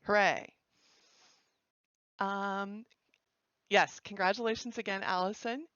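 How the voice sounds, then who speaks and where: A woman's voice: on the low side, moderate pace, a bit bright, no room sound, dull audio. A woman hosting a live-stream results announcement in a chatty, joking way, correcting herself as she goes. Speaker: livestream host announcing results.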